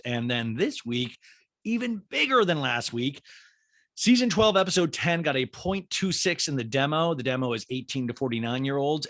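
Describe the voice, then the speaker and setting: A man hosting a podcast, recapping a reality show in a chatty, gossipy, animated way. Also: medium pitch, no echo, clean studio sound. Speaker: podcast host. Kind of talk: casual TV recap chat.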